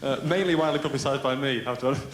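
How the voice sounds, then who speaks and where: A young man from doing a stand-up routine in a self-deprecating, halting way with many restarts. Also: medium pitch, a little hiss or hum. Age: young adult. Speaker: stand-up comic. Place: large theatre with live audience. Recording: echoey stage, loud crowd laughter.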